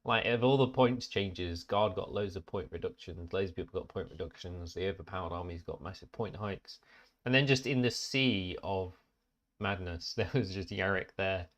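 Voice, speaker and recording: Podcast co-host, very low voice, blunt and sweary, casual chat. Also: male voice, moderate pace, fairly bright tone. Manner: blunt, sweary, complaining about game rules.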